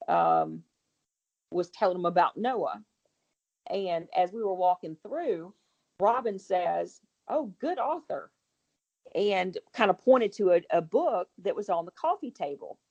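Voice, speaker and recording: A woman, a guest homeowner, telling a ghost story in a chatty, rambling way with quick restarts. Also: lowish voice, gravelly, darkish tone, lo-fi sound. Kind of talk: casual storytelling.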